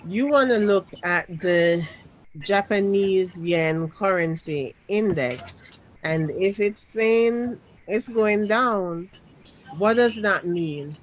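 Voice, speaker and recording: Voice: mid-range voice, takes it slowly, a little hiss or hum, poor audio. A trading teacher leading a live lesson, drilling questions and repeating them until the student answers firmly.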